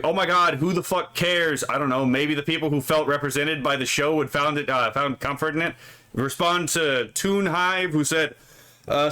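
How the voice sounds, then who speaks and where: A man's voice: a little high, bright, forceful tone. A man streaming casually, reading posts aloud and mocking them with profane, sarcastic asides, often tacking on "right?". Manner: frequent filler "right?". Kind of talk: casual live stream commentary.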